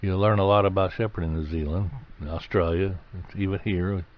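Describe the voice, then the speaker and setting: A man's voice: deep voice, steady tone, a little fast. A man teaching from the Bible in a conversational sermon, plain-spoken and repeating key phrases for emphasis. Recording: dull lo-fi recording.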